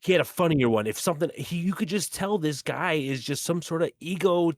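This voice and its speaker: A man co-hosting a podcast, telling stories in a lively, profane way. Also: on the high side, brisk, no room sound. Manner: animated, profane storytelling. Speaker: podcast co-host. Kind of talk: casual chat.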